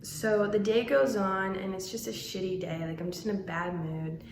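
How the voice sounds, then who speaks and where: A woman in her twenties telling a story to her vlog audience in a chatty, animated way. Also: mid-range voice, moderate pace, over music. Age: 20s. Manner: chatty, animated, laughing through the retelling. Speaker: vlogger. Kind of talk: casual storytime. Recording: echoey room.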